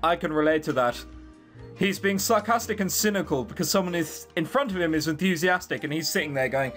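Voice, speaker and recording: A man's voice: a little high, fairly quick, fairly bright tone, faint music behind. An English man giving sarcastic, swear-laden commentary while playing a visual novel. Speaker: gaming YouTuber.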